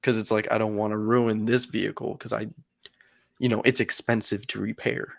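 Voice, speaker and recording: A man's voice: lowish voice, level tone, moderate pace, creaky, dry recording. A man co-hosting a podcast, telling a long story in casual chat with lots of fillers and some swearing. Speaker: podcast co-host.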